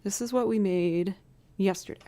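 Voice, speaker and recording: A woman's voice: medium pitch, moderate pace, dark tone. A young woman musician chatting casually on a livestream, thinking aloud and poking fun at herself while she has bronchitis.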